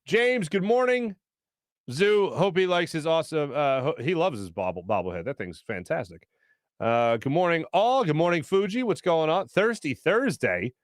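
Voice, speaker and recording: A man's voice: a little high, sing-song, normal speed, no room sound. A man hosting a casual sports talk show from a studio, joking, laughing often and reading out viewer comments with fired-up opinions.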